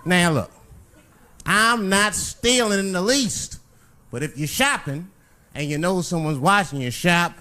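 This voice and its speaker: Wry storytelling comedian on a live stage. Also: male voice, lively intonation, a little slow. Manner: storytelling, wry, swings between loud and low. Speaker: stand-up comedian. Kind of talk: stand-up comedy routine. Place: theater stage with audience. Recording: live stage mic with crowd laughter.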